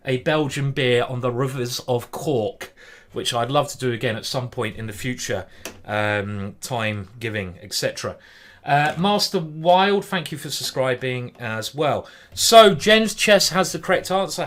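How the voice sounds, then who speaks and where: A man's voice: medium pitch, lively intonation, measured pace, a bit bright. A man, casually commentating a chess stream and greeting viewers by name. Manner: chatty, greets viewers by name, lots of ums.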